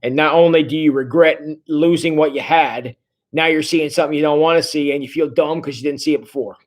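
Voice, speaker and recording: A man leading a church book discussion, earnest and halting, with many restarts and fillers. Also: fairly high pitch, steady tone.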